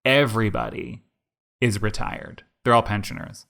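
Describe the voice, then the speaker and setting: Chatty young man, lowish voice. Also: moderate pace, vocal fry. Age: 20s. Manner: rambling, animated, heavy use of "like". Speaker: podcast co-host. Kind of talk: casual storytelling chat.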